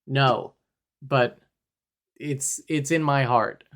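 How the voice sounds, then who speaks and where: Dry guy on a podcast, snarky movie recap, does quick voices for the characters. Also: medium pitch, fairly bright tone. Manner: wry, acts out characters' lines in quick bursts. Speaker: podcast co-host. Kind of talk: casual movie recap chat.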